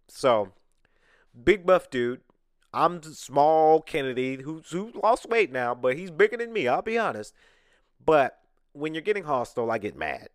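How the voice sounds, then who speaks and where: A man's voice: medium pitch, normal speed, no room sound, studio quality. A man from Atlanta, hosting a podcast and telling a story in casual chat, acting out what other people said. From Atlanta, USA. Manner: animated, acts out quoted people. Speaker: podcast host. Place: recording studio. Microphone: studio podcast mic.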